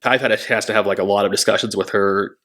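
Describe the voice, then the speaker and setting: Halting, reflective man with a low voice. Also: fairly even intonation, fairly bright tone. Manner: halting, reflective, many restarts. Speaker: former treatment center staff member. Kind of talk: candid conversational storytelling.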